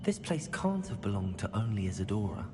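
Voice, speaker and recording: An actor playing a scholarly older male magic professor, who explains things in a thoughtful, measured way in a video game. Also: on the low side, very animated, background noise. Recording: game audio with music behind.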